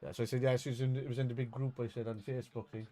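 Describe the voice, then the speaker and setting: A man co-hosting a football watch-along, calling out excited reactions to the play and swearing freely. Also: medium pitch, very fast. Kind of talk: live match watch-along chat.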